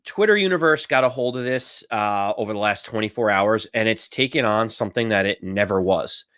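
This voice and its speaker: A man's voice: fairly low pitch, brisk, fairly bright tone, clear, resonant tone, no echo, clean studio sound. A man co-hosting a sports podcast in casual chat, telling a story step by step and acting out quotes. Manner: explanatory storytelling, acts out quotes. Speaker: podcast co-host.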